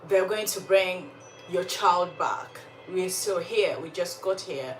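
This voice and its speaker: A woman's voice: on the low side, slow, echoey room, distant mic, soft background music, rough recording. A woman doing a firm, soothing priest. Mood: reassuring. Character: reassuring male village priest.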